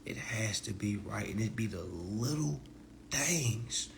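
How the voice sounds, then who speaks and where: A man lectures his followers in a loose, slangy live-stream, his pitch leaping up and down as he mocks people in high voices. A faint hiss of noise sits under the whole recording. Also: lively intonation, takes it slowly, creaky. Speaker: online legal self-help teacher.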